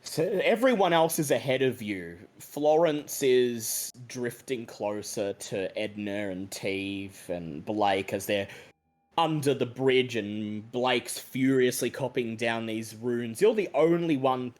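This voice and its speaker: A man narrating a tabletop horror game as game master, in a slow, deliberate, suspenseful manner. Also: mid-range voice.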